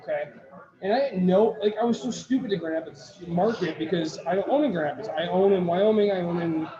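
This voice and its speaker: A high-pitched man rambles through a story, starting over and acting out what people said to him. The sound is muffled and roomy, with a brewery crowd chattering behind him. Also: brisk. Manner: rambling storyteller, restarts, quotes others. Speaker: podcast co-host. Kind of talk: casual chat. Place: brewery taproom. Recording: echoey taproom with crowd chatter, dull sound.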